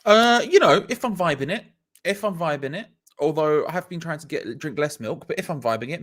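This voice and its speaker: A man's voice: on the high side, lively intonation, a little fast, a bit bright. A man, co-hosting a football fan channel in playful, laid-back, teasing live chat. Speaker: co-host.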